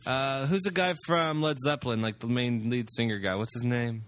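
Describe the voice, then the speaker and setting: A man's voice: mid-range voice, steady tone, moderate pace, a bit bright, no room sound. A man hosting a crude, joking chat with friends, swearing freely and steering the segments. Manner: profane, steering the segments, laughing. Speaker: podcast host.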